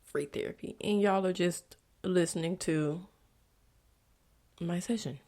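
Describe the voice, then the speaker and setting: A young adult woman hosting her own podcast, talking candidly and bluntly about her life, with frequent profanity and stretches where she drops to a soft whisper. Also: lowish voice, a little slow. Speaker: podcast host. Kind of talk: candid confessional monologue.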